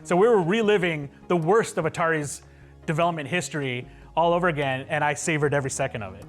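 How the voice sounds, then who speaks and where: A man's voice: fairly high pitch, quick pace, soft background music. A man, a game developer, speaking earnestly and reflectively in a documentary interview.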